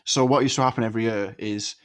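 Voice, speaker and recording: A man's voice: fairly low pitch, fairly even intonation, fast. A young man, co-hosting a podcast and teasing his friends in casual banter. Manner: blunt, teasing. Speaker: podcast co-host.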